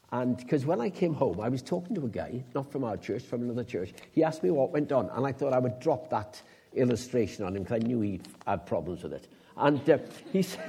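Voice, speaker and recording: Joking preacher, husky mellow voice. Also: male voice, mid-range voice. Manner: chatty, joking asides to the congregation. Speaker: guest preacher. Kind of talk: informal sermon.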